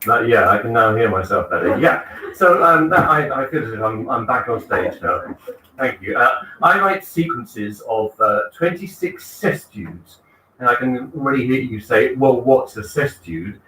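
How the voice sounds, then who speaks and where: A man at a bookshop open mic introduces his writing, halting and hesitant. His voice is bright. It sounds roomy and a little distant, with faint background noise. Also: medium pitch, very animated. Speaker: open mic performer, writer. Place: small bookshop stage, live audience.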